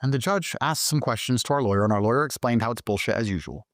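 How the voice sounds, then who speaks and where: A British man, a guest in an interview, tells a story in a heated, profane way, swinging into high, excited outbursts. He speaks fast, and the studio-quality recording is dry.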